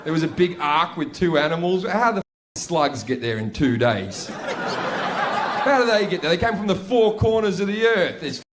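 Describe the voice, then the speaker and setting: A man's voice: on the high side, big pitch swings, normal speed. A man doing a blunt, profane stand-up comedy routine in a loose, conversational storytelling manner. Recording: noisy live stand-up recording.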